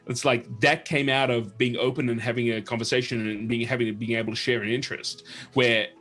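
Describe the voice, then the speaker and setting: A man's voice: mid-range voice, fairly even intonation, brisk, fairly bright tone, faint music behind. A man hosting a casual livestream chat, telling long rambling stories and acting out the people he quotes. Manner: rambling storyteller who acts out quoted people. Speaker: show host.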